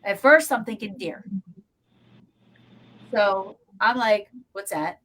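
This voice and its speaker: A woman's voice: mid-range voice, takes it slowly, rough recording. A woman telling a ghost-hunting story in casual chat, acting out the voices of everyone in it. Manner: animated, acts out voices in her story. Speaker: guest paranormal investigator.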